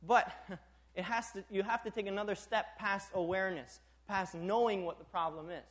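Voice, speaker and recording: A young man delivers a sermon in a notably high voice. He keeps it animated, chuckles often and keeps checking that his listeners are with him. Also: normal speed. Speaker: preacher.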